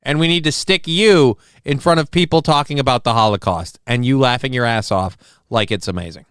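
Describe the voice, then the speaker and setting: A man's voice: medium pitch, brisk, a bit bright, clear, resonant tone, dry recording, studio quality. A man hosting a live show, ranting with heat, sarcasm and lots of swearing as he reacts to videos. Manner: profane, heated, sarcastic. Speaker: host of a live call-in show.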